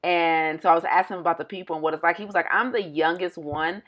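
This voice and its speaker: Woman cohost chatting on a podcast, low voice, tells stories and laughs a lot. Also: steady tone, very fast, a bit bright. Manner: storytelling, laughs often. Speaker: podcast co-host. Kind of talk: casual chat.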